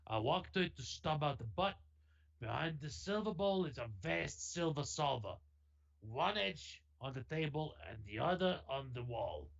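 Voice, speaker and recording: A man's voice: fairly high pitch, expressive, moderate pace, gravelly, a bit bright, muffled recording. A man co-hosting a casual read-aloud of a novel, with wry, laid-back quips. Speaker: book reading co-host.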